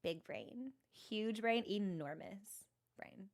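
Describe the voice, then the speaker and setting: A woman's voice: mid-range voice, slow pace, vocal fry. A young woman streaming and chatting with viewers, rambling and self-deprecating, often restarting her sentences. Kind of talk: casual chat with stream viewers.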